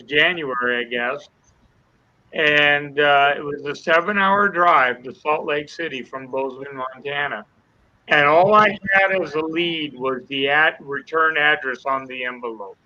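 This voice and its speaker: A man's voice: fairly high pitch, sharp tone, lo-fi sound. An older man, a guest, telling an emotional personal testimony, acting out the dialogue as he goes. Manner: earnest storyteller acting out dialogue.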